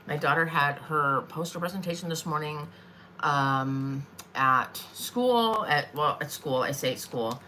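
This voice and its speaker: A woman's voice: sits low, a little slow, sharp tone, a little hiss or hum. A woman in her forties chatting in a rambling way with lots of fillers as she hosts a live craft stream from her desk. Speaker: craft vlogger.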